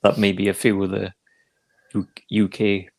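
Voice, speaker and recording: Soft-spoken man, lowish voice. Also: level tone, moderate pace. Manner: soft-spoken, stammering restarts. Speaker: guest co-host. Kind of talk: casual podcast chat.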